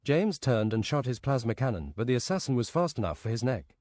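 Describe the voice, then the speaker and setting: A man's voice: mid-range voice, sing-song, brisk, a little mellow, no echo. Man rambling an absurd story, dry sound. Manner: rambling, absurd improvised narration. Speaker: streamer. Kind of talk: improvised storytelling on a game stream.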